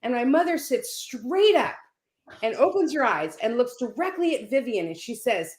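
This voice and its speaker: A woman's voice: on the high side, very animated, moderate pace. Earnest woman telling a heartfelt story. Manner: earnest storyteller, frequent "right?" and "you know". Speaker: guest on a panel talk. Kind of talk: storytelling in casual conversation. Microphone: video call. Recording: roomy echo.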